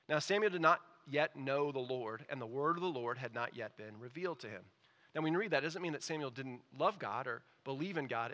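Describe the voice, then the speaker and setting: A man preaching a sermon as pastor, reading scripture and explaining it, moving between quiet asides and loud emphatic peaks. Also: medium pitch.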